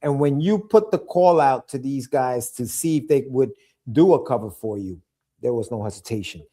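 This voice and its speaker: A man hosting a casual live-stream chat, excitably hyping up his guests and their work. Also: mid-range voice, moderate pace. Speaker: livestream show host.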